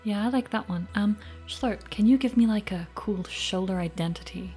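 A woman playing a tabletop game, reasoning in an earnest, steady way. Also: mid-range voice, moderate pace, soft background music. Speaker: player.

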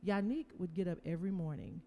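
A woman from Tennessee who hosts a podcast, chatting casually and telling stories in an animated way. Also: on the low side, fast, vocal fry, highs cut off. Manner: animated storyteller, laughs easily. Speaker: podcast host. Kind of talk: casual interview chat. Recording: long reverb, faint background noise.

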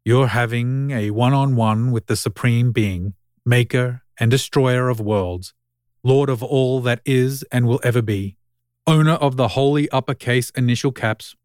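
A man's voice: mid-range voice, unhurried, a little mellow, no room sound, close to an everyday voice. A man voicing God speaking through an old vending machine, with a dry, impatient, lordly manner.

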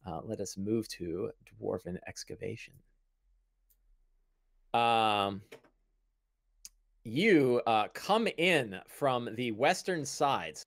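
Relaxed man narrating as game master. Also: lowish voice, very slow, long pauses, no room sound. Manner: relaxed, descriptive, many fillers.

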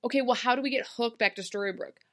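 A woman's voice: on the high side, racing, a bit bright. Jokey woman riffing on a podcast. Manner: jokey, riffing, slips into comic voices. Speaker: podcast co-host. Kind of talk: casual TV recap chat.

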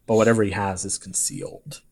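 A man's voice: sits low, fairly even intonation, brisk, gravelly, husky. Man narrating as game master.

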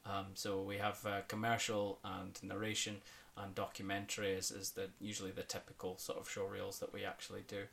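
Bright-voiced Scottish-raised man, chatty. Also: deep voice, completely flat delivery, a little fast, vocal fry, few pauses. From Scotland. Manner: chatty, laughs often, many fillers and restarts. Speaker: accent coach. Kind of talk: podcast interview.

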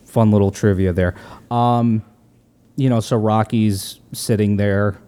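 A man's voice: lowish voice, steady tone, a little slow, warm tone, clear, resonant tone. A man co-hosting a casual podcast, rambling through a film recap and laughing easily. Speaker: podcast co-host. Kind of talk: casual movie recap chat.

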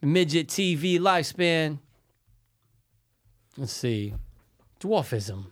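A man's voice: fairly high pitch, expressive, slow, a bit bright. A man co-hosting a casual chat, easygoing and slangy, often agreeing with "yeah" and "dude.".

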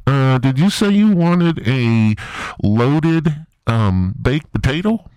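A man voicing a stammering, overly polite young fast-food order taker. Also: medium pitch, lively intonation, darkish tone, clean tone, no echo, voice pushed up. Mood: flustered.

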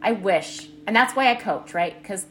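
A woman's voice: medium pitch, expressive, moderate pace, slight background noise. A middle-aged woman, a life coach co-hosting a podcast with her daughter, talking in an earnest, enthusiastic way, full of "like". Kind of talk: casual podcast chat.

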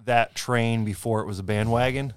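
A man hosting a podcast in easy, joking conversation with quick, wry asides. His voice is smooth and resonant at a middling pitch. The recording is dry and close to the mic. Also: fairly even intonation, no echo. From grew up in an Italian neighborhood. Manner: laughs along, quick reactions, wry asides. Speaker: podcast host. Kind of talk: casual chat.

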